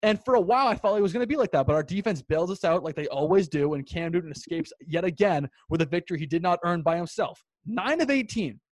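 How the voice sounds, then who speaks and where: High-voiced excitable young man. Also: quick pace, few pauses, no echo, clean studio sound. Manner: excitable, swearing, animated storyteller. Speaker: podcast co-host. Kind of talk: casual sports chat.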